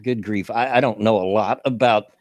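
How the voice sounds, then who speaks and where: A man's voice: on the low side, moderate pace, no room sound. A middle-aged man from Kentucky with a Southern accent, hosting a casual political chat show in a folksy way, often stumbling over repeated words. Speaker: show host.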